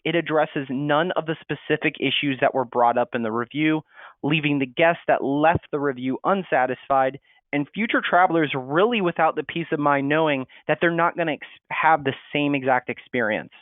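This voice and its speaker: Speaking at a moderate pace in a fairly high voice, a man presents a marketing webinar, explaining things steadily and reading sample replies aloud. The audio is dry and tinny, like a phone.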